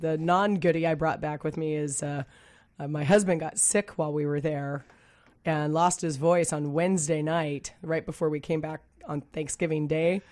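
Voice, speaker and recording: Husky-voiced chatty woman radio co-host. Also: low-pitched, fairly even intonation, normal speed, darkish tone. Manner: chatty, laughs often, stumbles over words. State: husky voice after a cold. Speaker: real estate agent and co-host. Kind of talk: casual radio chat. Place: radio studio.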